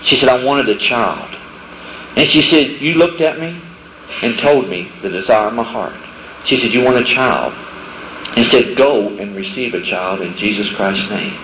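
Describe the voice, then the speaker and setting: A middle-aged man tells homespun testimony stories at a camp meeting, slipping into the voices of the people he quotes. His voice sits at an ordinary pitch and carries the echo of a large hall. A faint murmur of ambience hangs behind him. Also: lively intonation, moderate pace, noisy background. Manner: storytelling, acts out quoted voices, folksy grammar. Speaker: preacher giving a testimony. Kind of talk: folksy testimony to young people.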